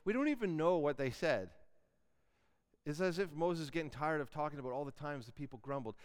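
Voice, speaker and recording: A man preaching a sermon in an animated way, acting out questions and objections. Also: a little high, brisk, clean tone.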